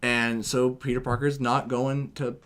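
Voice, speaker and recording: A man hosting a casual film review chat, retelling the plot in an animated, profane way and acting out the lines. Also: mid-range voice, a little slow, smooth. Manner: animated, profane, acts out the plot in quoted voices. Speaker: film reviewer, podcast host.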